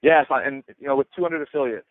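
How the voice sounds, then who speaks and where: A man's voice: medium pitch, fast, dry recording. A man leading a sales team, talking eagerly and a bit rambling on a conference call. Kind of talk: casual phone chat. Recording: tinny dry phone line.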